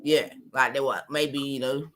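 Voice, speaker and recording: A man's voice: medium pitch, steady tone, moderate pace, sharp tone. A man in casual, hesitant, slangy podcast chat. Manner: hesitant, filler-heavy, slangy.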